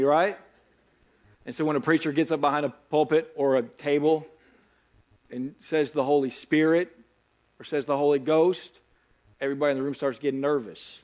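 A man's voice: medium pitch, highs cut off. A middle-aged male pastor preaching a sermon in a chatty way, asking the congregation rhetorical questions. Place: church hall.

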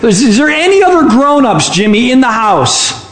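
A man's voice: very high-pitched, big pitch swings, moderate pace, echoey room, noisy background, pitched above the performer's own voice. A man playing a puzzled telemarketer. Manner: puzzled, increasingly insistent questions. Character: puzzled adult male telemarketer.

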